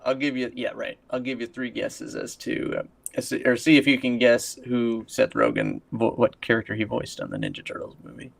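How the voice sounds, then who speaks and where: Male podcast co-host, gravelly, mid-pitched, loose casual chat with frequent laughs. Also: level tone, moderate pace. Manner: laughs often, acts out quoted lines in a higher voice.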